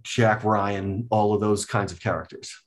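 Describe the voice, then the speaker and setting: A man, a guest, explaining things step by step in a casual talk, often pausing with "um". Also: lowish voice, fairly even intonation. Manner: explains methodically, with many hesitations and "um"s. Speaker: guest, card deck inventor.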